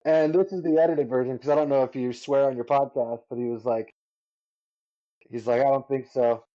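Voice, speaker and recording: Mellow-voiced man telling stories, laughing. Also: mid-range voice, fairly even intonation, a little fast. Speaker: guest musician. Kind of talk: casual storytelling. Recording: dull lo-fi sound.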